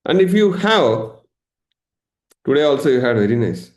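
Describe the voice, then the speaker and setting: A man teaching a live online session as a meditation coach, lively, acting out everyday examples and laughing. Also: mid-range voice, moderate pace, echoey room. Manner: animated, acts out examples, laughs often.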